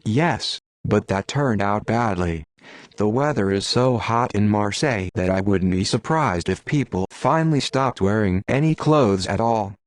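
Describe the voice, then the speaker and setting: A man's voice: on the low side, animated, measured pace, no echo. A man reading a bitter, grumbling innkeeper. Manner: complaining, sighing talk. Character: poor male innkeeper, bitter and self-pitying.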